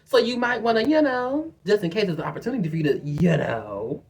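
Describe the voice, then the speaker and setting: A young woman tells a story in a casual vlog. She is animated and profane, and she acts out quotes in a higher voice. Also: brisk. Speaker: vlogger telling a story.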